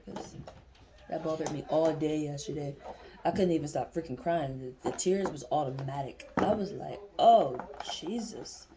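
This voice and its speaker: A woman's voice: deep voice, noisy background. A young woman reading tarot cards in a casual vlog, talking bluntly and swearing freely as she thinks aloud. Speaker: tarot reader.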